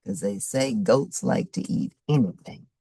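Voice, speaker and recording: A woman's voice: rumbling low, lively intonation, measured pace, slightly rough, dry recording. A middle-aged woman reading a picture book aloud to children, adding friendly asides about the pictures. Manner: warm asides to young listeners. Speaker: storybook reader.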